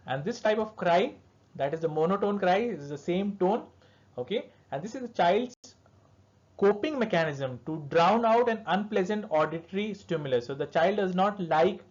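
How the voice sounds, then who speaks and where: Brief: pediatric dentistry lecturer, mid-pitched voice, patient teaching delivery, muffled low-fi audio. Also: darkish tone. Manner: explanatory, checks in with "all right" and "okay". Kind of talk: recorded lecture to dental students. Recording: dull lo-fi recording.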